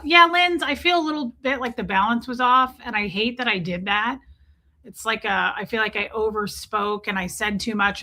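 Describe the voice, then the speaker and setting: A woman's voice: on the high side, pushed and bright. A woman hosting a casual livestream, chatting and rambling while greeting viewers by name. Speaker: livestream host.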